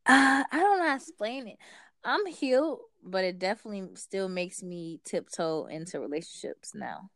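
A woman in her twenties, a guest in a casual chat, speaking in a reflective, measured way. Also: mid-range voice, animated, a bit bright, no echo, studio quality.

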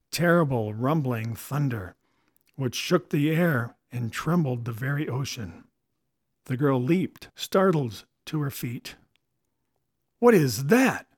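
A man reading a novel aloud in steady, measured audiobook narration. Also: medium pitch, dry recording, studio quality.

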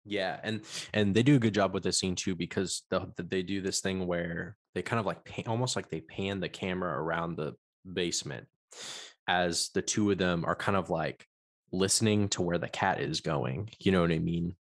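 A man's voice: sits low, moderate pace, no room sound, clean studio sound. A man co-hosting a podcast, chatting loosely about a film, rambling and swearing as he acts out quotes. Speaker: podcast co-host. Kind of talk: casual film discussion.

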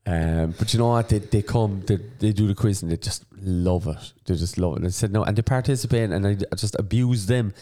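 A man with a very deep, low voice, chatting casually as a podcast co-host. He tells stories with lots of banter and acts out the other people in them. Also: brisk, hardly any pauses, mellow. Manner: banter-heavy storyteller, acts out quotes. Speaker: podcast co-host and pub quiz host. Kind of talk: casual chat.

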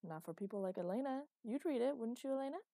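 A woman voicing a wry, gently teasing young man in an audiobook, with a mellow voice. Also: on the high side, lively intonation, fast talker, dry recording, voice pushed up. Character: dry, teasing young man, patient partner.

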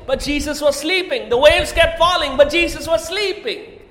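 High bright voiced preacher man, echoey hall, keeps questioning the crowd and getting loud. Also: expressive, moderate pace, few pauses, a little hiss or hum. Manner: emphatic, asks the congregation questions, often raises voice. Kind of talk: sermon.

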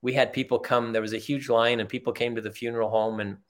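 A man's voice: medium pitch, flat delivery, fast talker. An older man, a retired executive, telling heartfelt stories in an earnest, conversational way as a podcast guest. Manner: earnest, heartfelt, repeats phrases for emphasis. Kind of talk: conversational storytelling.

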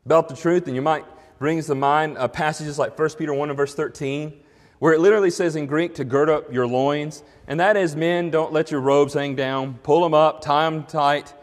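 A man delivers an earnest sermon as pastor, his voice sitting a little high for a man. He slows and lifts his voice when he reads scripture aloud. The sound carries the long reverb of a church hall. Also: fairly even intonation.

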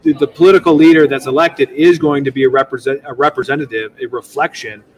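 A young man speaking as a guest in a casual interview. He talks in a rambling, animated way, restarting often. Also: medium pitch, fast, distant mic, low-quality recording. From United States. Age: young adult. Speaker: state legislator guest.

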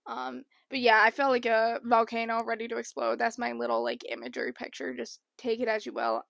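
A young woman vlogger telling a rambling, animated storytime in casual chat. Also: fairly high pitch, a little fast, gravelly, no echo. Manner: chatty, rambling, animated impressions.

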